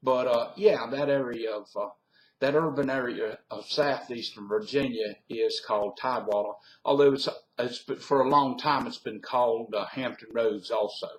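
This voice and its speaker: A man's voice: mid-range voice, moderate pace, natural voice. A man voicing a polite, formal visitor, hesitating as he speaks. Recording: roomy webcam recording.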